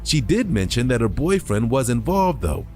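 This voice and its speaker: A man reads scripted narration for a true-crime recap in a measured, even way. Soft music plays faintly behind him. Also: medium pitch.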